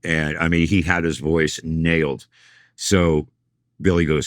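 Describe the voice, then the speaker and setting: Low-voiced man telling road stories. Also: fairly even intonation, measured pace, dry recording, clean studio sound. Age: middle-aged. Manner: rambling anecdotal storyteller, acts out quoted lines. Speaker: tour manager and guest. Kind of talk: casual storytelling interview.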